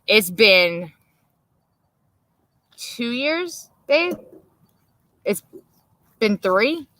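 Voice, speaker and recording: A woman's voice: a little high, big pitch swings, extremely slow, a bit bright, no echo. A brash woman chatting casually on a live stream, swearing freely and laughing often. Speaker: co-host.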